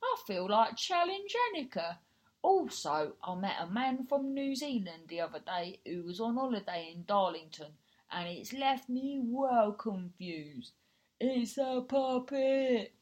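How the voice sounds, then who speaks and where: A woman putting on the voice of a cheerful, chatty male friend, with a high, sing-song delivery. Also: expressive, measured pace, darkish tone. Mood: chuffed.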